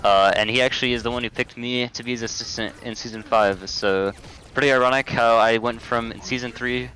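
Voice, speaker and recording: A man's voice: mid-range voice, steady tone, a little fast, bright, forceful tone, slight background noise, poor audio. A man speaking as a guest, telling his story in an easygoing way. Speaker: guest, moderator. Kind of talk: casual interview.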